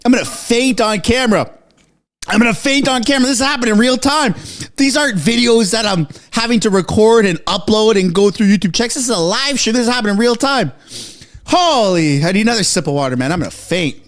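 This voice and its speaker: A man reacting live to breaking news from his basement, excitable and out of breath, yelling one moment and muttering the next. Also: sits high, brisk. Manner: excitable, shouting, swinging from frantic to muttering. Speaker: political commentary streamer. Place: home basement.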